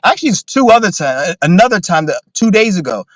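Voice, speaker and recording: A man's voice: high-pitched, sing-song, quick pace, slight background noise, poor audio. A man ranting casually on a livestream, profane and rambling with lots of filler words. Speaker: streamer.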